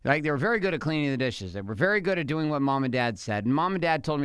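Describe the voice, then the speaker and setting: A middle-aged man co-hosting a podcast, talking with his wife. He speaks fast and with emphasis, leaning on repetition. His voice is smooth and clear, recorded dry and close to the mic. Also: fairly high pitch, animated, fairly bright tone, no room sound. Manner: emphatic, repeats points. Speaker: podcast co-host. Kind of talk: casual conversation with his wife.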